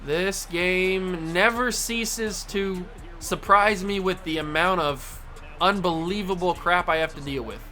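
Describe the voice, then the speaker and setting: A man hosting a gaming channel, commentating his own video game play and yelling in frustration when it goes wrong. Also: high-pitched, takes it slowly, faint music behind.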